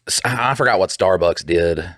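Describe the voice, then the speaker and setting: Profane ranting man, low and dry. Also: fairly bright tone, dry recording. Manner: profane, rambling, heated, mimics people in quick bursts. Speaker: podcast co-host. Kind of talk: casual podcast chat.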